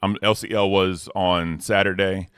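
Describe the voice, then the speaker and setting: A man hosting a casual livestream, laid-back and slangy, giving hype shout-outs to the community. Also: low-pitched, level tone, normal speed, clear, resonant tone, no echo, clean studio sound. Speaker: host.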